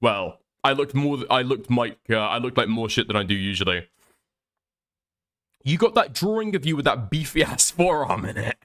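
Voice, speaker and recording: Here an Irish man, ill with the flu, reads his live stream chat in a medium-pitched, fairly bright voice, animated and at normal speed. He rants profanely and laughs often.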